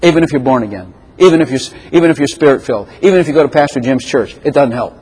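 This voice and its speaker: An older man preaching a sermon, quoting scripture and swinging between loud, excited lines and quiet, intimate ones. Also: very fast, husky, big-room sound. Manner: animated preaching, quoting scripture with sudden swings in pitch and volume. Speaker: pastor.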